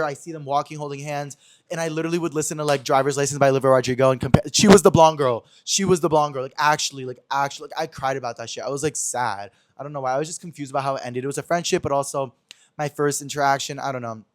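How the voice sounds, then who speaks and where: Young male podcast host, slightly high voice, dry close sound; gossipy storyteller who acts out every line of dialogue. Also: no echo. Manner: chatty, dramatic, slangy, acts out quoted dialogue. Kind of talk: casual storytelling chat.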